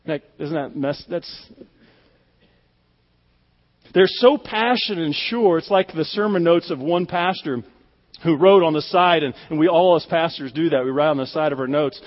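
A man's voice: on the high side, normal speed, in a large hall, highs cut off. A pastor delivering a conversational, emphatic sermon, often repeating his words as he speaks.

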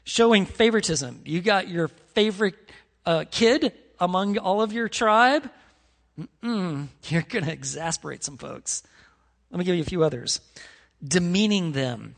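A man's voice: high voice, expressive, moderate pace, vocal fry, fairly bright tone, big-room sound. A man preaching a sermon as pastor, earnest and conversational, with frequent restarts and fillers. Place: church sanctuary.

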